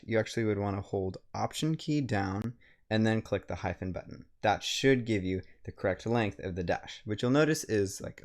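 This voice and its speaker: Guy with a lowish voice teaching grammar, calm and step by step, slows down on the examples. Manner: measured, explains step by step, slows for example sentences. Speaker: writing center instructor. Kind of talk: recorded grammar lecture.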